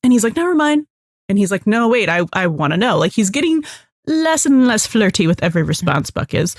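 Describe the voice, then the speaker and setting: Animated woman recapping a show. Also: mid-range voice, fairly quick, no room sound, clean studio sound. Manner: animated, acts out lines in quoted voices, swears freely. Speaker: podcast co-host. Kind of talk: casual chat recapping a TV episode.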